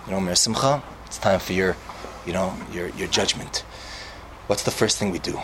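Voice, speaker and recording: A man giving an informal sermon, telling a parable in an animated storytelling manner and mixing in Hebrew and Yiddish words. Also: sits low, moderate pace, slight background noise, rough recording. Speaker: yeshiva speaker.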